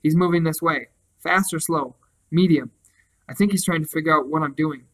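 A man's voice: on the high side, normal speed, fairly bright tone, poor audio. A man voicing Jeremy, a frightened young crow. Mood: anxious. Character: young male crow, foolish, scared.

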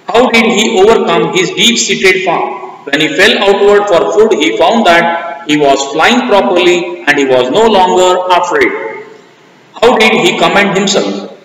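A man's voice: sits high, fairly bright tone. A man with an Indian English accent, a school English teacher who methodically reads out questions, answers and word meanings in a plain classroom manner. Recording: echoey hall, voice far from the mic.

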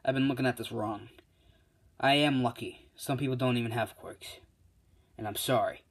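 A humbled young male student, as a man reads him, subdued and apologetic. The voice stays near the narrator's own medium pitch. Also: fairly even intonation, moderate pace, slightly rough.

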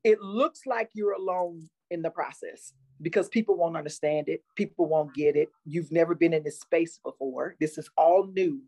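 A woman's voice: sits low, normal speed, hardly any pauses, warm tone, slightly rough. A woman guest speaking in an encouraging, motivational way during a casual interview.

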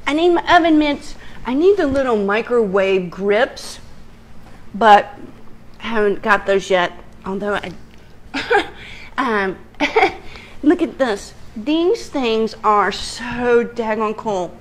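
A middle-aged woman hosting a home cooking video from her kitchen, chatty and excitable with frequent ums and giggles. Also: on the high side, slow, long pauses. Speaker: home cooking show host. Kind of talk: casual cooking chat.

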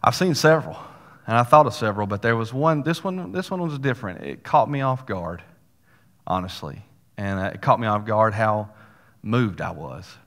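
A man's voice: fairly low pitch, lively intonation, normal speed, a bit bright. A male pastor preaching a sermon, telling a story in a folksy way with casual asides to the congregation. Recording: long hall reverb.

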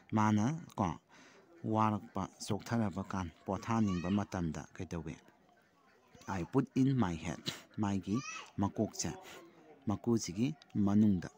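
A man's voice: low voice, dark tone. A man with a Manipuri accent teaching a lesson. He reads a children's poem aloud, then explains it in a mix of English and Manipuri. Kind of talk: classroom lesson video.

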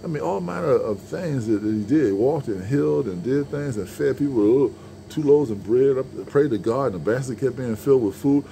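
A man's voice: medium pitch, animated, fairly quick, gravelly, dark tone, a little hiss or hum. A man giving an informal sermon, rambling and conversational, with frequent restarts and repeated words. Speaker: preacher.

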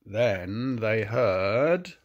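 An older man reading a children's picture book aloud, gentle and expressive. He takes his time, lingering on each page. His pitch rises and falls in a lively, storytelling way. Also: drawn-out words, dull audio. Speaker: grandfather storyteller.

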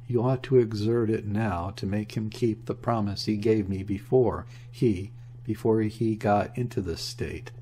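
A man's voice: on the low side, warm tone, husky. A man voicing a polite young naval lieutenant who speaks formally and soothingly.

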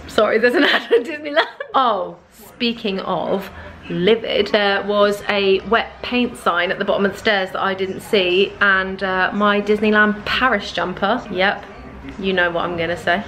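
A woman's voice: medium pitch, moderate pace, slight background noise. Chatty young woman vlogging. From Britain. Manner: chatty, giggly, excitable. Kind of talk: casual travel vlog. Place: rented room in a home.

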